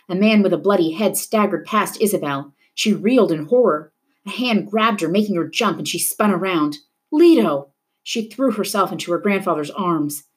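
A woman reading a children's novel aloud, narrating the story in a steady, expressive way. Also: lowish voice, breathy edge. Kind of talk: book read-aloud narration.

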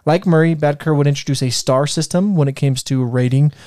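A man's voice: on the high side, fairly quick, darkish tone, dry recording, studio quality. A man co-hosting a casual history podcast, reading from notes with many fillers and restarts. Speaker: podcast co-host presenting history.

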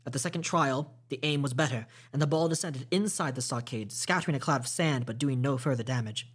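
Podcast guy reading a novel aloud, steady measured storytime narration, few little slips. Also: mid-range voice, husky.

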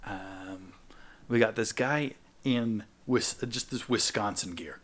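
A man's voice: on the low side, slow pace. A young man co-hosting a podcast, telling a long story casually and acting out the people he quotes with lifts in his voice. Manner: animated, acts out quoted people in raised voices. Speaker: podcast co-host.

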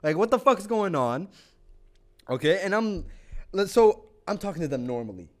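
A young man tells a story on a casual podcast chat. His voice is fairly high and swings widely in pitch. He swears freely and acts out everyone's lines as he goes. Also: normal speed. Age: young adult. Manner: animated, swears a lot, acts out quotes. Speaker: podcast co-host.

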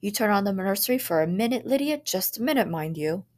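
A woman's voice: mid-range voice, expressive, quick pace, a little mellow, lightly acted. A woman reading the part of a stern, fed-up father who speaks in firm, clipped lines. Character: stern fed-up father, middle-aged man.

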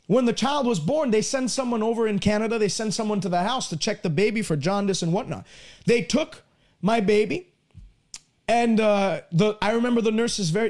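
High-voiced earnest male preacher. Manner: earnest storytelling, repeats words when building up. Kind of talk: sermon broadcast. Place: lives in Canada.

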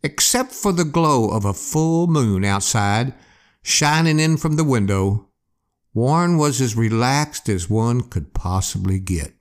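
A male podcast host telling a scary campfire story. He speaks slowly and draws out each line for effect. His pitch swoops widely as he builds suspense. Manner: slow, expressive storytelling. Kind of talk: storytelling narration.

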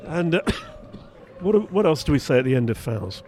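A man's voice: a little high, moderate pace, slight background noise. A man co-hosting a sports podcast, answering in a hesitant, giggly way and wrapping up the match. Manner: hesitant, giggly, deadpan replies. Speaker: podcast co-host. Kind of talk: casual sports podcast chat.

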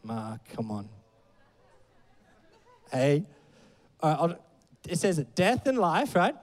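Man, pastor, high voice, casual sermon, chatty, hall reverb. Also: very animated, takes it slowly, a little mellow, some chatter behind. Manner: conversational, filler-heavy, playful.

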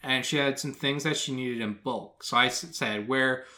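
A man's voice: mid-range voice, moderate pace, bright, forceful tone. A young man co-hosting a podcast, telling rambling anecdotes in casual chat. He swears freely and laughs often. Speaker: podcast co-host.

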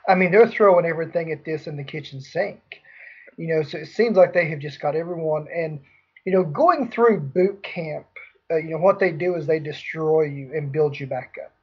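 A husky, slightly higher-voiced man leads a loose movie podcast. He rambles easily between points with plenty of restarts, and the recording sounds dull and lo-fi. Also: normal speed. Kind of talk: casual movie review chat.

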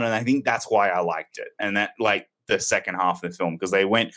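A man with a fairly low voice talks through a movie in a loose, candid way. He rambles and corrects himself as he goes. It sounds like an unscripted review chat. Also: normal speed, hardly any pauses, sharp tone. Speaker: film reviewer. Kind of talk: casual film review chat.

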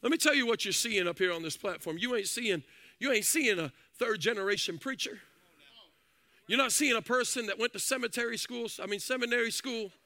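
A man preaching a fiery sermon from a church platform, shouting and half-singing his phrases. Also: very high-pitched, fairly quick, no room sound. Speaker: pastor. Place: church sanctuary.

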